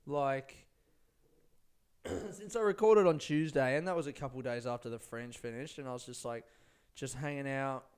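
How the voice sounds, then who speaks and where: A man's voice: mid-range voice, moderate pace, a little mellow, clean tone. A young man, a stand-up comedian, rambling laid-back through a casual solo podcast on a close microphone, swearing often.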